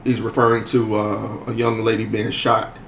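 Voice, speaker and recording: A man hosting a podcast discussion in a relaxed, conversational way with frequent fillers. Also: on the low side, normal speed. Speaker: podcast host. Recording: echoey room with faint noise.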